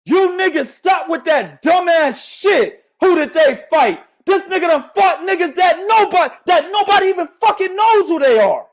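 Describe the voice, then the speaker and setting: Guy ranting about boxing on his podcast, loud and profane, yelling half the time. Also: very high-pitched, expressive, normal speed, hardly any pauses. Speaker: podcast host. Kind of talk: boxing commentary rant.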